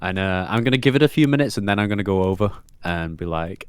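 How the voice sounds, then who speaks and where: Rambling man with a lively voice. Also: on the low side, quick pace, few pauses, clear, resonant tone, dry recording. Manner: rambling, full of "like" fillers. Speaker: tabletop game player. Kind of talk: casual tabletop play.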